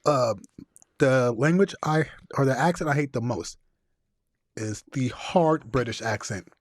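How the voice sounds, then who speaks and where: A man's voice: medium pitch, unhurried, no room sound, studio quality. A man from Northern California co-hosting a podcast in casual chat, giving blunt, joking opinions. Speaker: podcast co-host.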